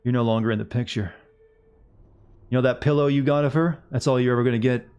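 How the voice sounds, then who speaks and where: A man's voice: medium pitch, steady tone, quick pace, darkish tone, clear, resonant tone. Man rambling jokes over his gameplay. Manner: rambling, joking asides to chat. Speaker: game streamer. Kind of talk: casual gameplay commentary.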